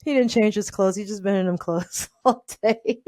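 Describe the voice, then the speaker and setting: A woman casually telling a personal story, animated and laughing often as she acts out the people in it. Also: medium pitch, normal speed, no echo, studio quality.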